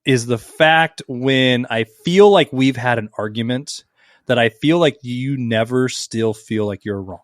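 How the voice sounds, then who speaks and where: Male podcast co-host, crude banter, lots of laughs and profanity, mid-pitch, dry booth sound. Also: a little slow, no room sound. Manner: profane, laughing, swings loud and soft.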